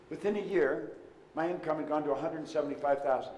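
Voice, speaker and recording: An older man delivers a motivational seminar talk. He speaks emphatically, telling stories and retelling dialogue. His voice sits slightly high and rings out with a long hall reverb. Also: fast, darkish tone, slight background noise. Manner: emphatic, storytelling with retold dialogue. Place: large room before a live audience.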